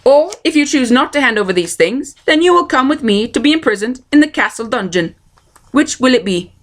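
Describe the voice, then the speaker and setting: A woman voicing a dutiful king's soldier who speaks in a measured, formal, patient way. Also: high voice, animated.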